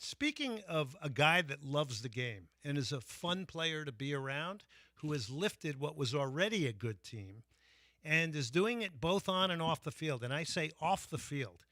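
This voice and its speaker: A man's voice: a little high, big pitch swings, measured pace, pushed and bright, dry recording. A man hosting a sports radio show, talking casually with frequent fillers and restarts. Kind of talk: casual sports talk monologue.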